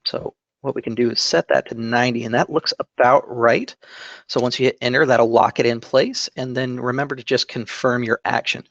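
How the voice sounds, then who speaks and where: A man hosting a tabletop game channel, calmly explaining a digital map-drawing tutorial step by step, with fillers and self-corrections. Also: mid-range voice, vocal fry, no room sound, lo-fi sound. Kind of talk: screen-recorded drawing tutorial. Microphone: desk microphone.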